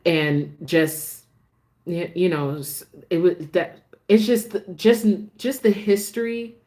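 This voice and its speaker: Low-voiced woman chatting about soap episodes. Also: expressive, slow, a little mellow. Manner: chatty, restarts sentences, gets emotional about the show. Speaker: soap opera recap host. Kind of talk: casual chat.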